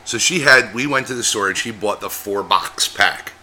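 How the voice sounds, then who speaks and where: A man's voice: lowish voice, normal speed, bright, forceful tone. A man co-hosting a podcast in casual chat, crude and joking, swearing freely. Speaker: podcast co-host.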